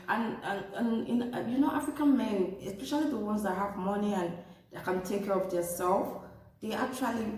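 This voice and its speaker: Woman telling a story in an echoey room. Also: mid-range voice. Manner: animated, addresses viewers as ladies. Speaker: vlogger giving relationship advice. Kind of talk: casual storytelling to camera. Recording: echoey room, distant from mic.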